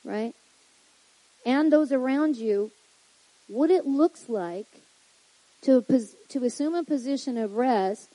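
A woman pastor preaches to her leaders in a mellow, slightly husky voice that sits a little high. She keeps it conversational, checking in with "right?" and acting out small quoted exclamations. The sound is close and dry. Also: no room sound, low-quality recording. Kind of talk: sermon to church leaders.

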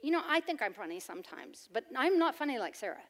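High-voiced, loud woman preacher. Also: very animated, fast. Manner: loud, emphatic preaching with playful humor. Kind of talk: sermon.

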